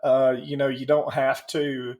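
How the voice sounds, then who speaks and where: A middle-aged man, a podcast co-host, speaking in a measured, blunt way in casual chat. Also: medium pitch, flat delivery, a little mellow.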